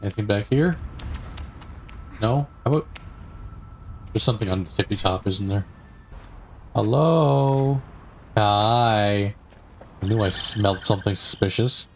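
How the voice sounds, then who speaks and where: A man's voice: fairly low pitch, fairly quick, long pauses, a bit bright, faint music behind. A man chatting casually as he plays a game, rambling through stories with lots of fillers and asides. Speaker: gaming streamer. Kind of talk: casual gameplay commentary.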